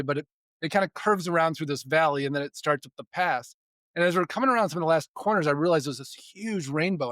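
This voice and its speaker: Guesting on a podcast, a forties-aged spiritual development coach tells life stories in a relaxed, conversational way, often restarting and repeating words. He chuckles between sentences now and then, and his voice is slightly high with a fairly bright tone. The sound is close and dry, without any echo.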